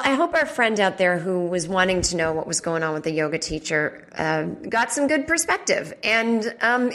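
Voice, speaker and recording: A woman's voice: medium pitch, a bit bright. A woman hosting a comedy podcast from home, chatting casually and rambling with lots of fillers and asides. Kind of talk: casual solo chat.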